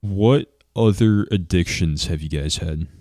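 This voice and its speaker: A man co-hosting a podcast in casual chat, easygoing and quick to joke at his own expense. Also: sits low, warm tone. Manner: easygoing, self-deprecating. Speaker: podcast co-host.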